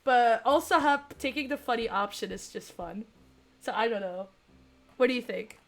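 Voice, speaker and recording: Excitable high-voiced woman streamer. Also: normal speed. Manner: excitable, squealing laughs, reads in and out of text. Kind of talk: reading a dating game aloud with chat.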